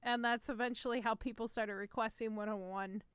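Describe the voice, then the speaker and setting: A woman's voice: a little high, steady tone, fairly quick, a bit bright, clear, resonant tone, no echo. A woman co-hosting a gaming podcast, chatting casually with lots of fillers and swearing. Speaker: podcast co-host.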